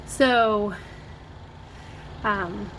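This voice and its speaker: A woman's voice: mid-range voice, very slow, fairly bright tone, slight background noise, poor audio. A woman from Ohio telling a story to camera in a chatty vlog, with lots of "like" and "oh my gosh". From Ohio, USA. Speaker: vlogger. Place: home, dogs nearby. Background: barking dogs.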